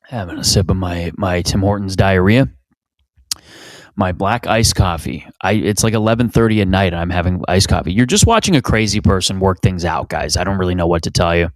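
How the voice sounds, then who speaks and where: A man's voice: low voice, expressive, fairly quick, no room sound. A man in his thirties from Canada, hosting a solo comedy podcast in a rambling, profane, self-mocking way. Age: 30s. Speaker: podcast host.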